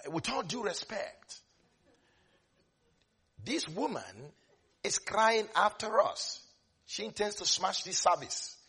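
A man's voice: sits high, animated, takes it slowly, pauses often, bright, forceful tone, breathy edge, exaggerated voice. A man playing a nervous, overly polite disciple. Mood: politely complaining.

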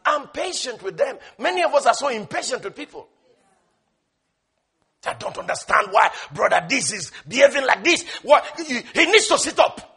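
A man preaching a sermon, impassioned and repetitive, swinging between shouting and hushed tones. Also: extremely high pitch, gravelly, husky.

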